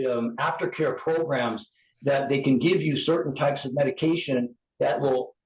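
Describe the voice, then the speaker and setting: A man's voice: medium pitch, darkish tone. A man from the United States in his fifties, a podcast guest giving an earnest, pleading personal testimony, often restarting his sentences. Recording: roomy, dull podcast audio.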